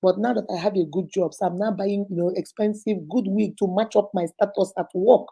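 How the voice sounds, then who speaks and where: A middle-aged Nigerian woman hosting a relationship advice talk, telling a listener's story in a casual, animated way and acting out what people said. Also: mid-range voice, a little fast, gravelly, breathy edge. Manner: animated, acts out quoted speech.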